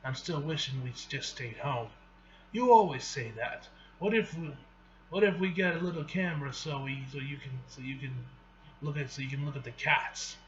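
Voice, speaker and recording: A man's voice: fairly high pitch, normal speed, lightly acted. A man reading the lines of a roguish male thief with a laid-back, guarded drawl, from a dull lo-fi recording. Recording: dull lo-fi recording with faint hiss.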